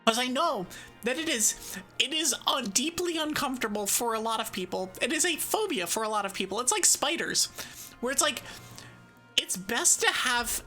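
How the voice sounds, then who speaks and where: This is a woman VTuber chatting live with her chat in a bubbly, sarcastic, giggly way. Her voice is high, bright and forward. It swoops widely in pitch, and faint game music plays underneath. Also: animated, moderate pace. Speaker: VTuber streamer. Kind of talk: casual live-stream chat, answering chat.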